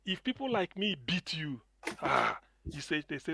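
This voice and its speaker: A man's voice: on the high side, big pitch swings, normal speed, gravelly, sharp tone, husky. A middle-aged Nigerian man with a Nigerian accent, calling in to a talk show and speaking passionately and emphatically, often repeating himself. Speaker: caller. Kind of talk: impassioned call-in commentary.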